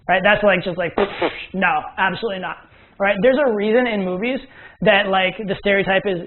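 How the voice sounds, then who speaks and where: High-voiced man lecturing over a tinny line. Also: fairly even intonation, normal speed, a little hiss or hum. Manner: chatty, checks in with "right?" and "okay?". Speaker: dating coach. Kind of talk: recorded course lecture. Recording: tinny phone-like lo-fi sound.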